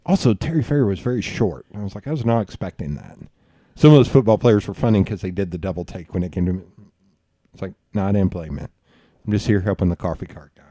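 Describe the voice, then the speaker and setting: A man hosting a podcast, telling rambling stories in a loose, profane, animated way. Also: sits low, quick pace, dry recording, clean studio sound. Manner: animated, profane, rambling storyteller who bursts into laughs. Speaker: podcast host. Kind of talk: casual storytelling chat.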